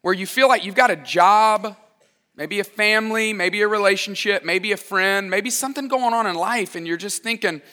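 A man's voice: sits high, moderate pace, bright, forceful tone. A man in his thirties preaching a sermon as pastor, conversational and self-deprecating with joking asides. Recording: echoey hall reverb.

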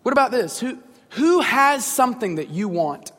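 An earnest male preacher in his thirties with a notably high voice, talking to his congregation in a warm, conversational way and stacking up questions. His voice rings out with a long reverb, as if spoken in a church sanctuary. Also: big pitch swings, normal speed. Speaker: pastor. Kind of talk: sermon.

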